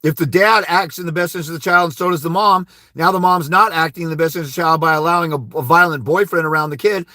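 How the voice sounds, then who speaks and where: The host of a live legal-advice stream, a man with a highish, pushed and bright voice, talks quickly with few pauses. He bluntly and emphatically urges listeners to confront the court, sometimes mimicking timid people with a mumbled "wah wah." The studio-quality audio has no echo.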